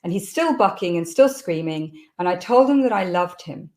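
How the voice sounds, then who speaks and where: A woman's voice: fairly low pitch, lively intonation, normal speed. A middle-aged woman, a parenting coach telling a candid personal story to camera. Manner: candid storytelling that acts out quoted shouts.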